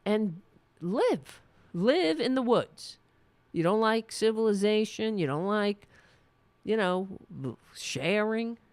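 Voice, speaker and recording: Hosting a political talk livestream in a mid-range voice, this woman rants with passion, curses without restraint and reads comments from her viewers' chat. There's no echo.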